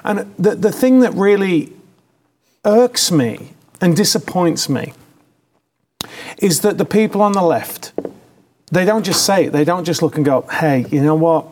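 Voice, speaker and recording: A man co-hosting a casual political talk show, animated and mocking, laughing often as he talks. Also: high voice, unhurried, long pauses, slight background noise. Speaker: co-host.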